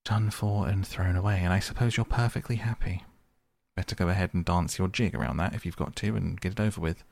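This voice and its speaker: A man's voice: sits low, a little fast, creaky, darkish tone, no echo. A man voicing a fussy, stubborn male mole who grumbles and complains in a petulant way.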